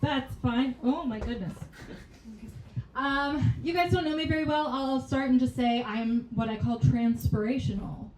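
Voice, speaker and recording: A woman doing a stand-up set in a small club, delivering wry deadpan jokes. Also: high-pitched, unhurried, noisy background. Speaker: stand-up comic. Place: small comedy venue. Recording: echoey small venue.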